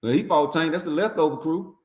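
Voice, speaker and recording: A man's voice: a little high, a little fast, echoey room. A man, delivering a profane, mocking, heated boxing rant. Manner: trash-talking, mocking, heated. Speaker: boxing commentator.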